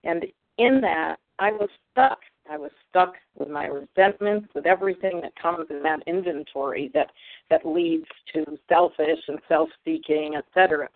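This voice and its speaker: A woman from Pennsylvania with a gravelly, creaky voice shares at a recovery meeting, reflective and hesitant as she searches for words. She comes through a tinny phone line. The sound is dry and close. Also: deep voice, normal speed, no room sound. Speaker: meeting member sharing. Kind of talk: personal sharing at a recovery meeting.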